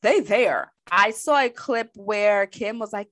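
A woman's voice: mid-range voice, slow pace, no room sound. Lady co-host, sassy and loose, dry studio sound, mid voice. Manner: sassy, animated, colloquial. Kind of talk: casual entertainment chat.

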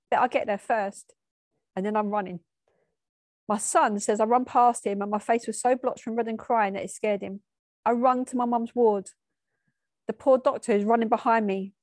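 A woman's voice: a little high, darkish tone, dry recording. Tearful woman, dry close voice. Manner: halting, emotional storytelling with restarts. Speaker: storyteller. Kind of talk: personal spoken memoir.

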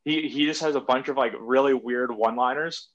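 A man's voice: medium pitch, a little fast. A man telling stories in a loose, rambling way, full of fillers and casual swearing. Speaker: guest. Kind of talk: casual conversation. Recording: slightly muffled audio.

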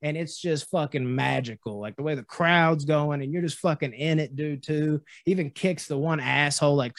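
A man excitedly retelling a movie scene in casual, profane podcast chat. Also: on the high side, normal speed, no echo, clean studio sound. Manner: animated, profane storyteller. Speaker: podcast co-host.

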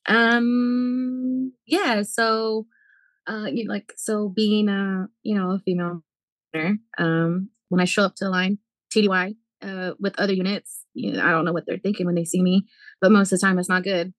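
A woman's voice: medium pitch, normal speed, no room sound. A woman, an aircraft maintainer, chatting as a podcast guest and telling blunt, swearing stories about her job. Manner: profane, animated storyteller. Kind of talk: casual podcast chat.

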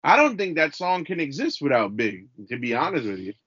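A man's voice: fairly high pitch, big pitch swings, fairly bright tone, husky, no room sound. Man, podcast co-host, easygoing and teasing, muffled dry lo-fi audio. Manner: laid-back, teasing, halting with fillers. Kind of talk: casual podcast chat.

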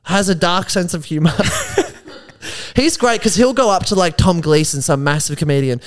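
A man, a comedian guest, telling rambling, animated stories in casual chat. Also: high-pitched, normal speed. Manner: rambling, animated anecdotes with filler "like".

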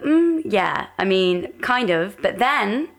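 A woman co-hosting a podcast, chatting earnestly and casually with many pauses. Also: mid-range voice, very animated, vocal fry. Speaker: podcast co-host. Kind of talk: casual chat.

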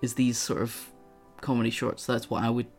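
A Scottish man talks casually as a podcast guest, drifting from one tangent to the next. His voice sits at an ordinary pitch with a rough, gravelly edge. Faint music plays underneath. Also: monotone, moderate pace, a little mellow. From Scotland. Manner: rambling, goes off on tangents. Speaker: guest streamer.

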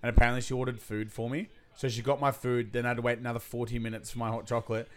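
A man's voice: mid-range voice, little pitch movement, very fast. A man, co-hosting a podcast in casual chat, telling rowdy stories with laughs and swearing. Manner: laughing storyteller, swears freely. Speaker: podcast co-host.

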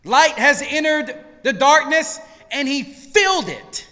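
A male pastor preaching a sermon, swinging between hushed lines and shouted peaks. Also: very high-pitched, animated, slow pace, in a large hall. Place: church sanctuary.

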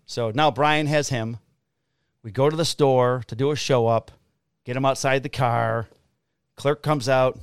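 A middle-aged man, a police officer, telling a story in a casual, profane, animated way. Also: mid-range voice, a little slow, pauses often, smooth, no echo, studio quality.

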